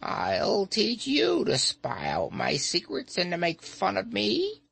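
A man voicing a gleeful, spiteful old witch woman who screeches in high, leaping tones. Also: sing-song, slow, gravelly, a bit bright, full character voice. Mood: furious. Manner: shrill and screeching, high jumps.

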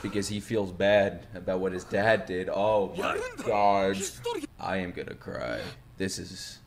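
A young man reacting to an anime episode, excitable and swearing, swinging from hushed remarks to shouts. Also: low-pitched, unhurried, background noise. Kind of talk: live anime reaction commentary. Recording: show music playing behind.

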